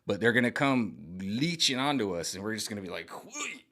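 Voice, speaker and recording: A man's voice: lowish voice, lively intonation, fairly quick, pushed and bright. A middle-aged man talking in a rambling, agitated vlog monologue, repeating himself and restarting often. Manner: mimics other voices sarcastically. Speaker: vlogger.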